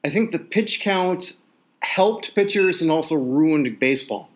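A man's voice: on the high side, lively intonation, a little slow, background noise. A man co-hosting a sports podcast, rambling and joking with many restarts. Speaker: podcast co-host. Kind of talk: casual sports chat.

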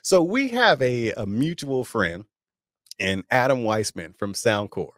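A man's voice: medium pitch, very animated, a bit bright, dry recording. Laughing man host, dry sound. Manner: laughs a lot, quick reactions. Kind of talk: casual interview chat.

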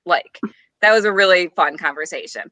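A woman co-hosting a podcast, telling a story in a casual, animated way with frequent giggles. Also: fairly low pitch, brisk, dry recording. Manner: animated, giggly, rising to squeals on punchlines. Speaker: podcast co-host.

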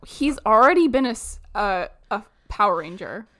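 A woman's voice: mid-range voice, expressive, normal speed, pushed and bright. Giggly young woman co-hosting a podcast. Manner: giggly, acts out movie quotes. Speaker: podcast co-host. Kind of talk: casual chat.

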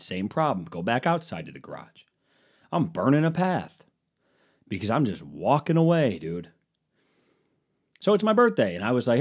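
A man's voice: sits low, a little mellow. A man in his twenties hosting his own podcast, delivering a sarcastic, rambling comedic monologue into a desk microphone at home. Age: 20s. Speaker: podcast host.

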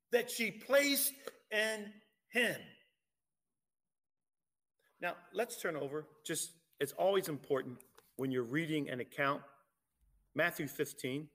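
Slow, high-voiced man preaching. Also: a bit bright. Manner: emphatic, rhetorical questions, reads scripture aloud. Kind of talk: sermon.

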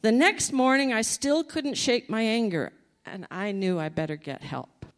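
A woman sharing a personal faith testimony in an animated storytelling manner, laughing often. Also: a little high, unhurried.

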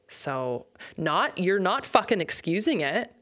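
A woman's voice: fairly low pitch, sing-song, slow pace, a bit bright. A young woman hosting a solo podcast, ranting bluntly and swearing freely. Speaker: podcast host.

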